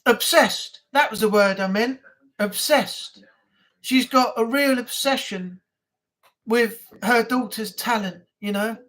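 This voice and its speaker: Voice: medium pitch, unhurried, fairly bright tone. A live-stream host from England chatting casually and rambling, reading out viewer comments and ranting a little.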